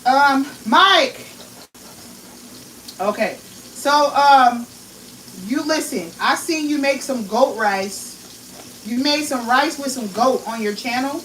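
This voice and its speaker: An American woman chatting casually while she cooks in her home kitchen, now and then calling out loudly across the house. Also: sits high, takes it slowly, long pauses, a little hiss or hum. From United States. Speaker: cooking vlogger. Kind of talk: casual chat while cooking. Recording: echoey kitchen, mic at a distance. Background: food sizzling in a pan.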